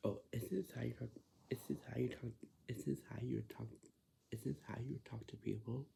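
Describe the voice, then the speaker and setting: A man giving advice in a casual, repetitive monologue, slipping between hushed whispers and loud, emphatic bursts. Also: mid-range voice, fairly even intonation, fairly quick, gravelly, a little hiss or hum.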